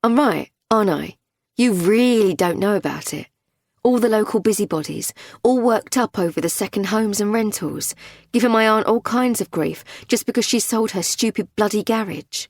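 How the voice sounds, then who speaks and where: A woman's voice: mid-range voice, normal speed, darkish tone, dry recording, studio quality, natural voice. A woman reading the part of a defiant young man being questioned, prickly and scornful. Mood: scoffing.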